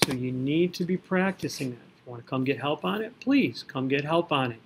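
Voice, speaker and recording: A man's voice: on the high side, expressive, fairly quick, gravelly, background noise. A man teaching a recorded math lesson, talking through each step and catching his own slips as he goes. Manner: talks through working step by step, self-correcting.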